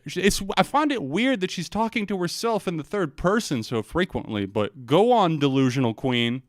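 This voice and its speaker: A man's voice: on the high side, sing-song, moderate pace. A man streaming live music reactions, tipsy from drinking, sarcastic and profane with theatrical outrage.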